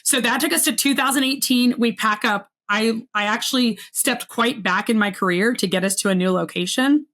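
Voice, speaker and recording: A woman guest on a podcast interview, telling a personal story in an earnest, reflective way and slowing down at the painful parts. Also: fairly high pitch, fairly bright tone.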